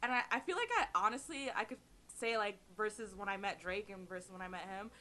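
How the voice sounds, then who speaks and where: A teenage girl co-hosting a school radio show, telling a story in animated casual chat, full of likes and giggles. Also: mid-range voice, fast talker, a little hiss or hum. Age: teens. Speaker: student radio co-host.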